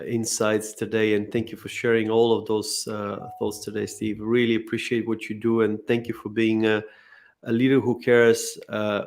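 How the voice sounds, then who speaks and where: A man hosting an interview, appreciative and halting, with many fillers. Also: fairly low pitch, darkish tone. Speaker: host.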